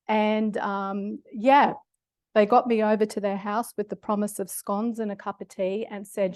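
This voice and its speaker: A woman's voice: medium pitch, a little mellow, no room sound, clean studio sound. Australian woman telling stories in a lecture. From Australia (Queensland). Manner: humorous, self-deprecating storytelling with laughs. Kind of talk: public lecture with personal stories. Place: lecture hall.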